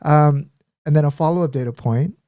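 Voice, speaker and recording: A man from Korea co-hosting a podcast, talking in a relaxed, teasing way and often trailing off mid-sentence. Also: on the high side, a little fast, no echo, lo-fi sound. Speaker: podcast co-host. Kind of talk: casual chat.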